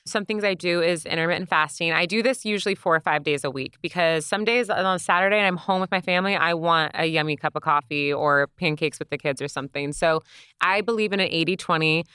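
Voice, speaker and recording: Mom on a podcast, smooth lowish voice, talks like a pep talk, really emphatic. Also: female voice, fast, sharp tone, dry recording, clean studio sound. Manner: emphatic, motivational, acts out quoted voices. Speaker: podcast guest. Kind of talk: casual chat.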